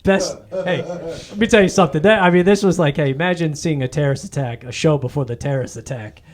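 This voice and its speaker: A man co-hosting a comedy podcast in casual, excitable chat. He rambles, trails off, and laughs easily at his own jokes. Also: on the high side, quick pace. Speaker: podcast co-host.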